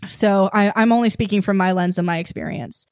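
A woman's voice: medium pitch, fairly even intonation, brisk, no echo. Young woman guest, frank and a bit profane, dry recording, chatty. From Northern California. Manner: candid, swears freely, many fillers and restarts. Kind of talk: casual podcast chat.

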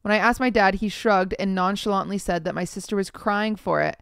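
A young woman with a smooth, clear voice reads online posts aloud in a measured, wry tone, then chats about them casually. The sound is dry and close, with no room around her. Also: medium pitch, no echo. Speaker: podcast host.

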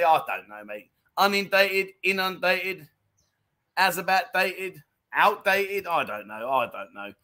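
A man's voice: sits high, pushed and bright. A man hosting a casual livestream, reading out viewer comments with jokey, self-mocking, chummy banter. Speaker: livestream host.

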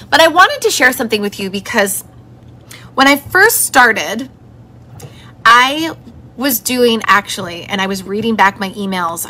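A woman's voice: on the high side, pushed and bright. A woman hosting her own podcast, talking in a chatty, encouraging and upbeat way. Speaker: podcast host. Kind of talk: solo motivational podcast talk.

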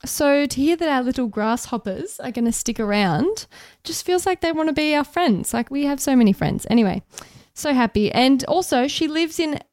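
A woman's voice: high-pitched, expressive, normal speed, darkish tone, no echo, studio quality. A young Australian woman co-hosting a podcast, chatting in a bubbly, casual way and laughing easily. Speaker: podcast co-host, radio journalist.

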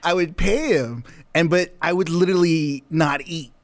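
A man's voice: on the high side, normal speed, no echo. A young adult man in casual chat, telling a school story with easy laughs and restarts.

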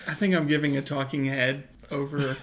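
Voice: mid-range voice, little pitch movement, moderate pace. A player in a tabletop game describing their character's talking-head moment to camera. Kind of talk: tabletop role-play.

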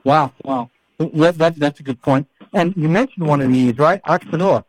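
Wysoki, żartobliwy męski głos w suchym nagraniu. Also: male voice, on the high side, normal speed, a little mellow, no echo. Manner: jokey, playful, repeats words. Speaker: podcast host. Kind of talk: casual banter.

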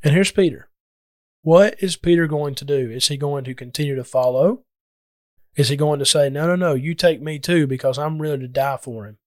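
A man's voice: a little high, normal speed, no echo, studio quality. A man preaching a Bible lesson, reading scripture in an earnest, emphatic way.

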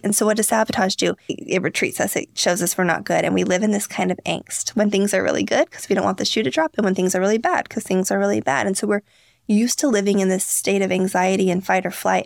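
An earnest young woman tells stories on a podcast, slipping into quoted voices as she goes. Her voice carries a gravelly fry. The sound is dry and close. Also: medium pitch, no echo. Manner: earnest, storytelling, acts out quotes. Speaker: podcast guest, founder. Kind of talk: candid interview talk.

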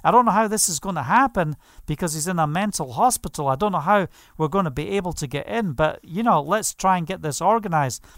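A preacher putting on a fired-up, hopeful mother, eager and quick. The voice stays fairly high and dry-sounding. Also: animated, a bit bright, no echo. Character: excited hopeful mother of troubled son.

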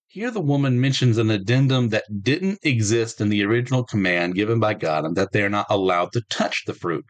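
A man's voice: on the low side, lively intonation, moderate pace, poor audio. A man teaching a casual Bible study, talking loosely, correcting himself and reading scripture passages aloud. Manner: conversational, self-correcting, reads scripture aloud.

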